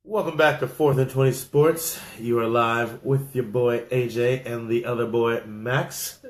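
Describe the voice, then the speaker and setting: A man's voice: mid-range voice, fairly even intonation, unhurried. A man co-hosting a casual sports talk show, joking and laughing often. His voice sits in a mid range. The sound carries the echo of a bare room. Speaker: podcast co-host.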